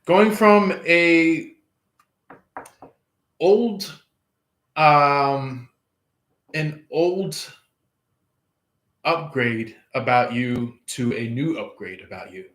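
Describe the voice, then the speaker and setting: A man's voice: on the high side, lively intonation, extremely slow, pauses often, fairly bright tone. A man giving a casual tarot reading, rambling, chuckling and acting out quoted lines. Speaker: tarot reader. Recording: echoey room.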